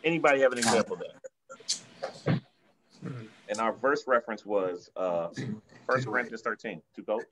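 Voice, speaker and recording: A man's voice: lowish voice, normal speed, pauses often, fairly bright tone, a little hiss or hum. A man leading an informal Bible class, talking casually and coaxing people to share, with a lot of "like" fillers. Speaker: church class leader.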